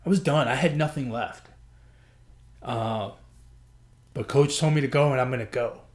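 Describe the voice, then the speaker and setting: Male podcast host, earnest and emotional storyteller who repeats his phrases, voice of middling pitch. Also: moderate pace. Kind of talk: personal storytelling.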